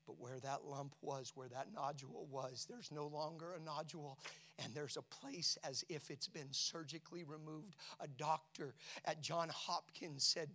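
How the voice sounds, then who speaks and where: A middle-aged man preaches with a high-pitched voice. He tells a personal story with heavy emotion, moving between quiet near-whispers and full shouts. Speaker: pastor. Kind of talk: sermon.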